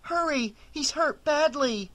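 A man's voice: very high-pitched, normal speed, pushed and bright, voice pushed up. A man voicing a determined, worried teenage girl in an audiobook, urgent and insistent.

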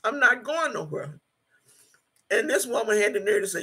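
A woman's voice: on the high side, sing-song, moderate pace, long pauses, bright, forceful tone, husky. A woman in her sixties hosting a casual livestream from her home, reading viewer comments aloud in a blunt, profane and emphatic way and repeating herself. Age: 60s.

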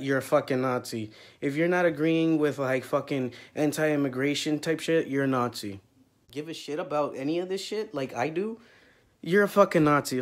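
A young man hosting his own video, delivering a loud, heated, profanity-filled rant to camera. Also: fairly high pitch. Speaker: vlog host.

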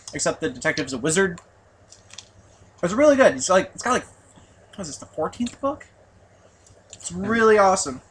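A young man chatting casually in a rant video, rambling and swearing with excitable bursts. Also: sits high, a little hiss or hum. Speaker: vlog co-host.

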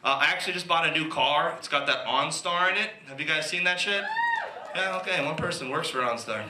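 A man performing a stand-up comedy set in a comedy club, telling animated stories and slipping into put-on voices. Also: a little high, a little fast. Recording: echoey club with crowd noise.

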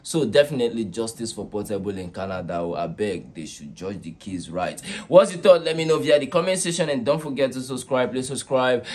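A man's voice: mid-range voice, darkish tone. A Nigerian man hosting a casual commentary vlog, chatty and slipping into Pidgin as he talks to viewers. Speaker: vlog host.

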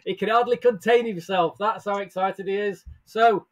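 A man's voice: sits high, unhurried. A man hosting a casual live stream, upbeat, greeting viewers by name and laughing often. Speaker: livestream host. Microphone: headset or earbuds with desk mic.

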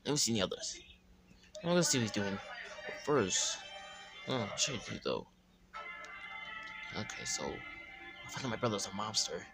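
A man's voice: lowish voice, sing-song, normal speed, gravelly, long pauses. A man making up a plush skit as he goes, rambling and stammering with many fillers. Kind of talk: improvised plush skit narration. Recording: music playing under voice. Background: background music.

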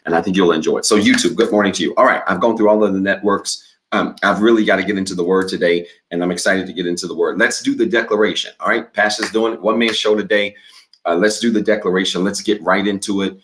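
A deep-voiced middle-aged man preaching to his congregation as their pastor. He speaks upbeat and direct, then reads declarations slowly for the listeners to repeat after him. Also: fairly even intonation, fairly bright tone, a little hiss or hum. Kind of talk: sermon with responsive reading.

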